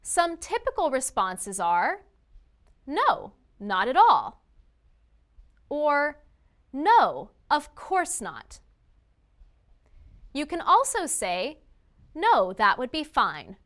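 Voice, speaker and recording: A grammar teacher narrates a scripted lesson in a high, fairly bright voice whose pitch swoops wildly. She bounces up and down a lot while explaining, delivering example phrases clearly, slowly, and with strong emphasis.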